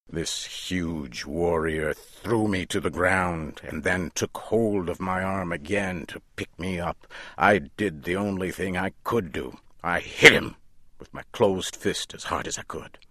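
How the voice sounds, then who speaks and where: A man narrating a story in a deliberate, measured delivery. His voice sits low and he takes his time over each phrase. The sound is dry and close, with no room echo. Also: pushed and bright.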